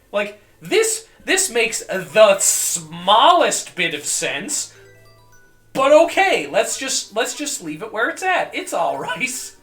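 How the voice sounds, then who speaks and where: A man streaming a video game, rambling and joking with profanity, often coughing and clearing his throat. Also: high voice, huge pitch swings, extremely slow, bright, forceful tone, reverberant, faint music behind. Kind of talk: casual gameplay commentary.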